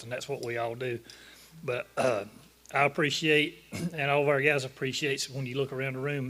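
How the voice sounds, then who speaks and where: A man's voice: mid-range voice, fairly bright tone. A man with a Southern US accent, a sheriff's office officer presenting an award in a folksy, joking, plain-spoken way. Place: luncheon event room.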